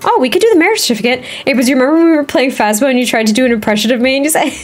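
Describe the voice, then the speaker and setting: A woman in her thirties chats casually while streaming gameplay, rambling and laughing a lot. Her voice sits high, and there's slight background noise.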